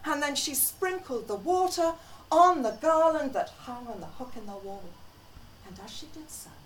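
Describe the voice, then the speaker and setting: A woman storyteller telling a folk tale live, slow and measured with dramatic pauses, accompanied by a musician. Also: high voice, lively intonation, a little hiss or hum. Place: conference venue, live audience. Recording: distant live recording with guitar.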